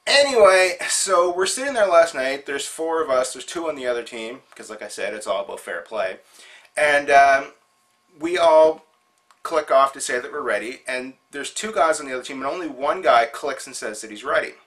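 A man's voice: mid-range voice, lively intonation, normal speed, a bit bright. A man hosting his own show, telling a funny story in a chatty, amused way. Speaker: show host. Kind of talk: casual storytelling monologue.

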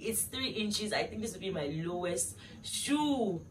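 A woman's voice: medium pitch, expressive, measured pace, hardly any pauses. Chatty young woman, distant mic. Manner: chatty and gushing, talks straight to viewers. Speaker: vlogger. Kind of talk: casual unboxing chat to viewers. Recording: distant mic with clear room noise.

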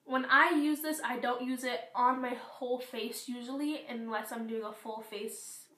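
A woman's voice: on the high side, steady tone, moderate pace, pushed and bright, roomy sound. Chatty teen girl with a fading voice. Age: teens. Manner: chatty, rambling, lots of fillers. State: losing her voice. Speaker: beauty vlogger. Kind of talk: casual product review vlog.

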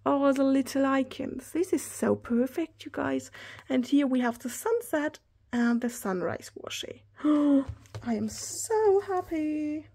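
A woman in her thirties chatting through an unboxing haul, gushing and excitable, often talking straight to her viewers. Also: high voice, slow pace, gravelly. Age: 30s. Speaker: planner hobby vlogger.

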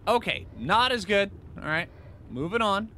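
A man giving casual commentary over his own gameplay, excitable and joking at himself, chatting to the creatures he meets. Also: high voice, unhurried, a little hiss or hum. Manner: excitable, talks to the creatures, self-mocking asides. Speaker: gaming video host.

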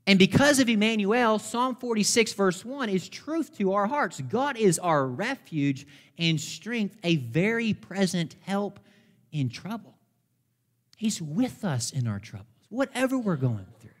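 A man preaching a sermon as pastor, fervent, slowing down to stress key words. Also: sits high, big pitch swings. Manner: fervent, slows down for emphasis. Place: church sanctuary. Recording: long hall reverb in a church.

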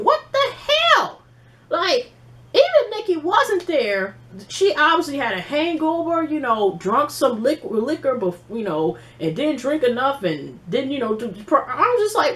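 Animated, profane woman recapping reality TV. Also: high-pitched, normal speed. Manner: animated, profane, mimics people she quotes. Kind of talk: casual episode recap.

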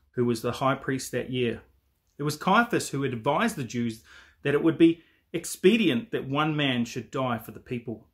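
Guy reading bible verses at a church service, steady, mid voice. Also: medium pitch. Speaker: scripture reader.

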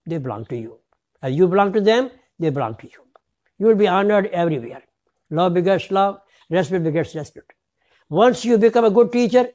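A man's voice: a little high, warm tone. A man giving a lecture to teachers, stressing words and spelling them out letter by letter. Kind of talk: classroom lecture.

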